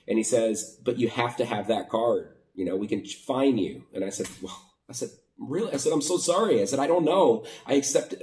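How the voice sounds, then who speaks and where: A man's voice: medium pitch, a little mellow, roomy sound, far from the mic. A man from the United States casually retelling a border crossing story, acting out both sides of the conversation. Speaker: vlogger.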